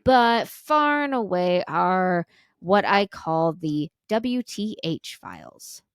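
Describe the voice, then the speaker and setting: A woman's voice: lowish voice, very animated, takes it slowly, smooth, dry recording, clean studio sound. A woman podcast co-host reading a listener's story aloud, with small stumbles and restarts.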